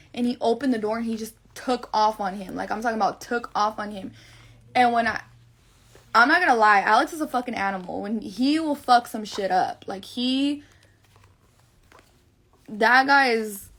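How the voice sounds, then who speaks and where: A woman's voice: fairly high pitch, normal speed, fairly bright tone. A young woman telling her viewers a long personal story, blunt, rambling and swearing a lot. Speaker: livestreamer.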